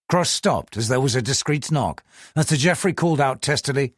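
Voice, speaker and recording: A man narrating an audiobook in an expressive storytelling style. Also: mid-range voice, brisk, dry recording, clean studio sound.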